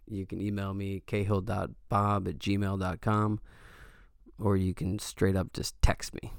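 A man with a low, gravelly voice hosts a casual solo podcast. He rambles between heartfelt sincerity and offhand jokes, leaning on fillers. The sound is dry and close, with no room around it. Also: darkish tone, no room sound. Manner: rambling, earnest and joking, lots of fillers. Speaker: podcast host.

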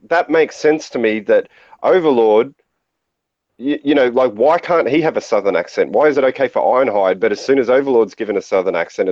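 A man rambles through a casual podcast chat, full of opinions and fillers. His voice sits at an ordinary pitch. The sound is dry and a little dull. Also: darkish tone, no echo. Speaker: podcast co-host.

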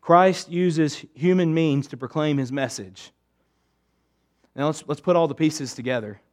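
High-voiced man preaching emphatically. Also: a little slow. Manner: emphatic preaching, swinging from loud to hushed. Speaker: pastor. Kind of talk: sermon.

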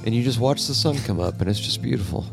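A man's voice: mid-range voice, animated, fast talker, creaky. A man in crude, rambling casual banter, joking and laughing a lot while reacting to music. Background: loud music playing.

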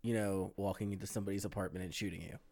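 A man's voice: low voice, steady tone, racing, a little mellow. Laid-back teasing man. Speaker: podcast co-host. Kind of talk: casual chat.

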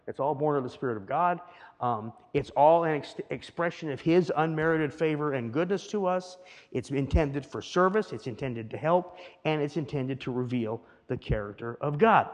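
A man preaching a teaching sermon with a slightly raised voice. He talks in an easy, conversational way, stopping often to check that the congregation follows. His words ring out with a long reverb, like a church sanctuary. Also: fairly high pitch. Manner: conversational, keeps asking "right?". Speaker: pastor.

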